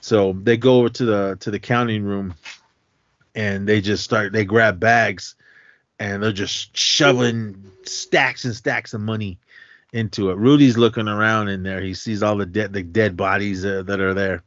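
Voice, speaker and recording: A man's voice: lowish voice, fairly even intonation, moderate pace, fairly bright tone, dry recording. A man co-hosting a podcast, casually retelling a film's plot in a rambling way with lots of fillers and self-corrections. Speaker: podcast co-host. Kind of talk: casual movie recap. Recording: dull, dry lo-fi podcast recording.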